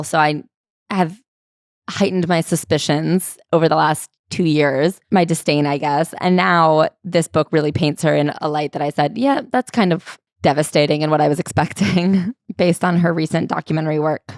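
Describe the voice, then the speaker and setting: Woman co-host, wry and emphatic, slightly low voice, dry close sound. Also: no room sound. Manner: wry, emphatic, uses lots of "like". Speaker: podcast co-host. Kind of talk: casual book-club chat.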